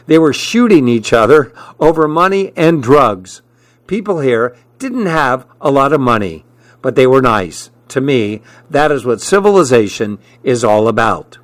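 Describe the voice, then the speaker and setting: Slow, unhurried male audiobook narrator. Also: no echo. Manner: unhurried storytelling, raising pitch for shouted dialogue.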